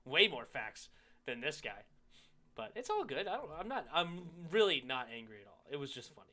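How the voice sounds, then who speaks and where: Lively, bright-voiced sports host man. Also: fairly high pitch, moderate pace. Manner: animated, swings from heated to sheepish. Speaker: sports talk channel host. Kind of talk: casual sports chat, reacting to a clip.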